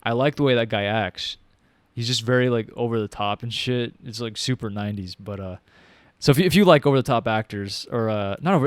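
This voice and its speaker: A man's voice: medium pitch, dry recording, clean studio sound. A young man casually reviewing a movie, rambling with lots of fillers, slang and restarts.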